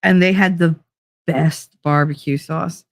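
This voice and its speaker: A middle-aged woman with a fairly low voice hosts a relaxed livestream chat. She tells stories with lively energy, swears freely and laughs between lines. Her voice is recorded close and dry, with no room echo. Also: unhurried. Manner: animated storytelling, frequent swearing and laughter. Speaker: livestream host reading chat.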